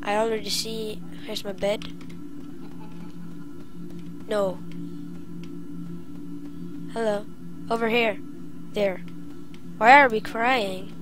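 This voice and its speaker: A woman's voice: mid-range voice, fairly even intonation, drawn-out words, pauses often, over music, rough recording. A woman commenting as she plays a horror game, easily startled and crying out at jump scares. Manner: jumpy, cries out at jump scares. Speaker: game player. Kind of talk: let's play commentary.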